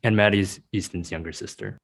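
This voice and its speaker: Young male podcast host, very low voice, relaxed and friendly. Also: brisk, creaky. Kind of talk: podcast interview.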